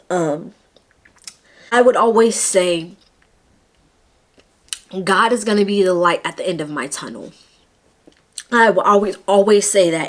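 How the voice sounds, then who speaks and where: A woman's voice: medium pitch, fairly bright tone. A young woman vlogging her personal testimony, earnest and emotional, close to tears at times.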